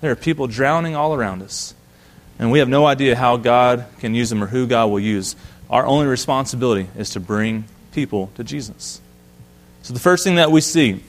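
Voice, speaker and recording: A man preaching a sermon as pastor, lively and conversational, acting out the lines of Bible characters as he tells the story. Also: medium pitch.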